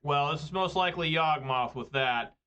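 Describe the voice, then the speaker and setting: A man's voice: a little high, moderate pace, sharp tone, smooth. Man, chatty gameplay commentator, slightly lo-fi mic. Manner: rambling, joking, chatty. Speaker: gaming video creator.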